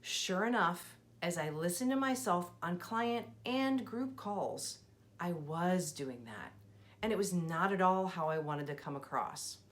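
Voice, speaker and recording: Expressive woman host with lively pitch. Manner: expressive storytelling, clear and measured. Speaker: leadership coach and host. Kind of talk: scripted video lesson with personal story.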